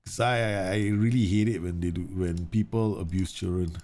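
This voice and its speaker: A man's voice: deep voice, fairly even intonation, normal speed, darkish tone. A man in his thirties, a game streamer, chatting casually and rambling animatedly through a live stream.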